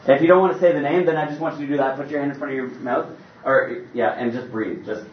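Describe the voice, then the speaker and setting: A man preaching a sermon in an animated, conversational way with playful asides. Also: medium pitch, fast, slight background noise. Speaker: pastor. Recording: roomy, distant, dull sound.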